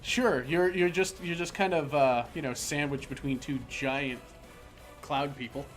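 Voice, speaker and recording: A man's voice: fairly high pitch, steady tone, a little slow, faint music behind. A man acting as game master, explaining rules and describing the scene with a playful, teasing manner. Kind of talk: narrating a tabletop game online.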